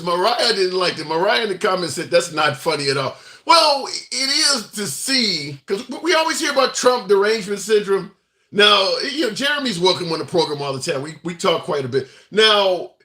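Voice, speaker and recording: A man's voice: sits high, pushed and bright. A man hosting a call-in show, arguing politics in casual, profane chat and laughing often. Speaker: talk show host.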